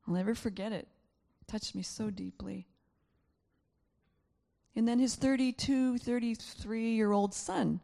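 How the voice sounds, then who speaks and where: Gravelly-voiced woman preaching earnestly. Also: on the high side, a little slow, pauses often, warm tone. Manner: earnest, emotional storytelling with frequent repetitions. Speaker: pastor. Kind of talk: sermon.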